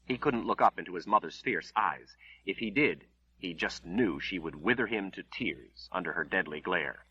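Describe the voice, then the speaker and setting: A man narrating an audiobook in a measured, dramatic storytelling manner. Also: low-pitched, lively intonation, pushed and bright, husky, muffled recording.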